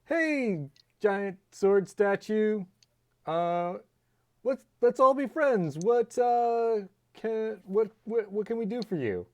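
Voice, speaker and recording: A man putting on a booming giant magic voice. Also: lively intonation, slow. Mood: booming friendly. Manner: booming, overly friendly.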